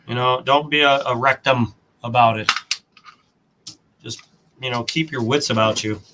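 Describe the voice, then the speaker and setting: An American man in casual chat, telling a story in an animated way and acting out the quotes. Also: medium pitch, a little slow, background noise. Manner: animated storyteller, acts out quotes, mild cursing dodges. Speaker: coin roll hunting host.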